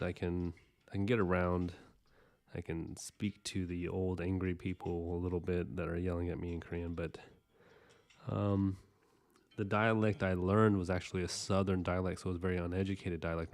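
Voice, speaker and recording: An artist streaming while drawing chats casually with his livestream viewers, rambling and often apologizing. His voice is low-pitched and a little mellow.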